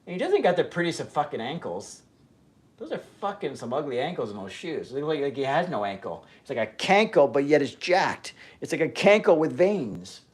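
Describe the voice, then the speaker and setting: Casual livestream host, male, somewhat high voice, profane and rambly. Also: sing-song, a little fast, slightly rough. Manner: profane, rambling, trailing off mid-sentence.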